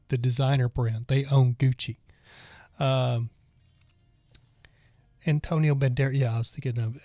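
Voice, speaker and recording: A man's voice: medium pitch, warm tone, dry recording, studio quality. A man in his forties, a podcast host, casually telling a long story and reading out chat comments, rambling and digressing with lots of restarts.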